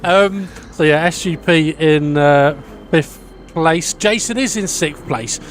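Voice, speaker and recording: A man's voice: a little high, slow. A man commentating a sim racing league in a chatty way, full of ums and small stumbles. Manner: chatty, filler-heavy, stumbling. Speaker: race commentator.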